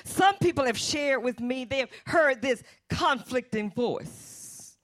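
A woman's voice: high-pitched, animated, takes it slowly. A woman preaching a fervent sermon and calling on the Holy Spirit as she speaks.

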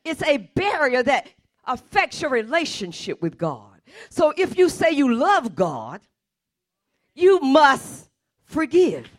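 A woman's voice: high-pitched, big pitch swings, takes it slowly. A woman pastor preaching an impassioned sermon in church, repeating her point with force. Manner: impassioned, repetitive preaching, often shouting.

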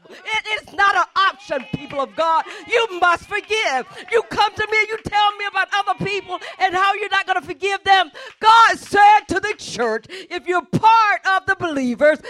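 A woman pastor preaching an impassioned sermon in church, repeating her point with force. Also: very high-pitched. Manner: impassioned, repetitive preaching, often shouting.

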